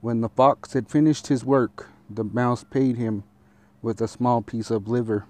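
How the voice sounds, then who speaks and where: Slow-reading man telling a fable. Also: mid-range voice. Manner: slow, steady reading with small restarts. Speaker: storyteller.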